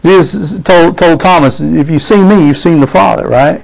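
A man's voice: fairly high pitch, normal speed, vocal fry, low-quality recording. A man preaching a sermon, reading scripture aloud and calling out "amen?" to his congregation.

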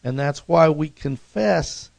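A man preaching a sermon as pastor, swinging from emphatic, raised lines to soft, low asides, with calls to the congregation. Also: expressive, slow pace, creaky, no echo, rough recording. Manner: rises to emphatic peaks, then drops soft and low; preaching with congregational call-outs.

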